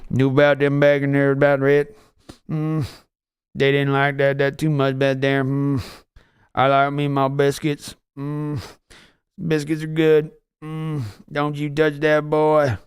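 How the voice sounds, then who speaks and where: A man doing a flat, mumbling drawler. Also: on the high side, a little slow, clear, resonant tone, no room sound, studio quality, close to an everyday voice. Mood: grumbling. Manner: flat, drawling mumble with grunts between lines. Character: slow, mumbling, troubled Southern man from a film.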